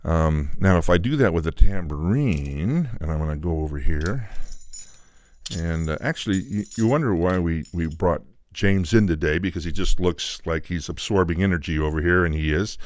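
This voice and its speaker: With a deep voice at normal speed and no room sound, a man shows off a preamp he designed. It's a loose technical demo peppered with fillers, and he keeps moving toward and away from the studio microphone.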